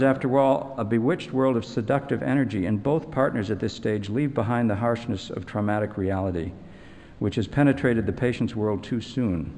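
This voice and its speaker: A man giving an evening lecture, explaining in a measured way and retelling a fairy tale. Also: on the low side, darkish tone, big-room sound.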